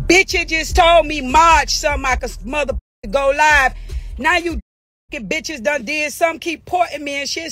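High-pitched woman ranting with heated trash talk. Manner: drifts into sing-song mocking. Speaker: social media personality. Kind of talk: livestream rant.

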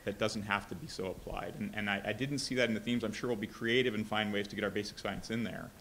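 A man's voice: lowish voice, fairly even intonation, fast talker, gravelly, fairly bright tone, slight background noise. A man, a faculty member, asking a hesitant question from the audience, repeating words as he goes.

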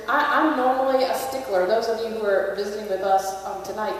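A woman's voice: a little high, darkish tone, slight background noise. A woman pastor giving a Christmas Eve sermon, telling a story in a conversational way. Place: large church sanctuary. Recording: echoey church hall, distant mic.

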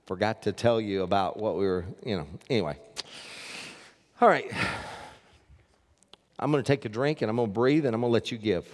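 Low-voiced guy pastor, folksy and jokey, big church reverb. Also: darkish tone. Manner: folksy, joking asides to the congregation. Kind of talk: sermon with prayer. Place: church sanctuary.

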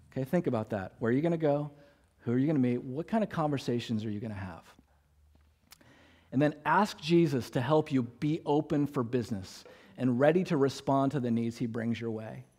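A man's voice: medium pitch, brisk, darkish tone. A man preaching a sermon as pastor, talking in a conversational, joking way and acting out little quoted exchanges.

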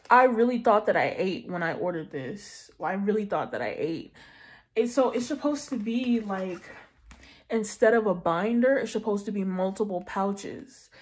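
A woman's voice: medium pitch, unhurried, husky. Chatty young woman vlogging. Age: 20s. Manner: chatty, animated, slangy and joking. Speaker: budgeting vlogger. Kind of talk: casual chat.

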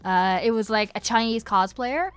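Over soft background music, a young woman from Northern Ireland speaks at normal speed in a clean, high-ish voice. As a voice actress answering fans in a casual livestream Q&A, she uses an Irish-transatlantic accent and comes across giggly and effusive, rambling with lots of fillers.

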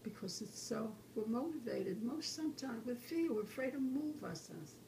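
A grandmother in her nineties tells her grandson about her life, reflecting earnestly in a fairly high, gravelly voice at a normal pace. She's animated, acting out remembered quarrels in a raised voice, then dropping to a quiet hush for life lessons. The low-quality recording has a little hiss or hum.

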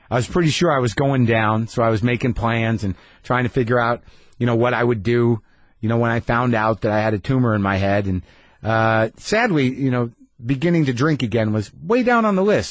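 A podcast host spins a nervous, rambling comic story with a sardonic edge. His voice is husky and a little rough. The sound is dry and close, with no room around it. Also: mid-range voice, brisk, no room sound. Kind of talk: comedic storytelling monologue.

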